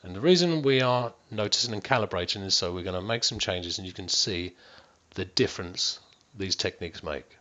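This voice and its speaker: A man working as a wellbeing coach, walking listeners through a guided stress-management exercise. He speaks to them directly, checks in often and drops to near-whispers and slow, stretched words to demonstrate. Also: low-pitched, sharp tone.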